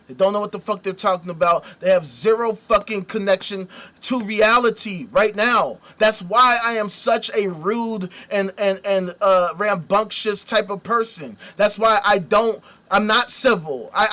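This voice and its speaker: A man's voice: high voice, moderate pace. A man hosting a show, delivering a profane, combative rant. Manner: angry ranting, shouts at times. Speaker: host. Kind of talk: ranting commentary.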